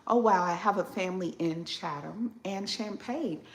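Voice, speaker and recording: A woman from southern Illinois hosting a casual live stream from her home kitchen, unhurried and chatty as she answers viewers with plenty of fillers. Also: medium pitch, reverberant. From southern Illinois, Midwest.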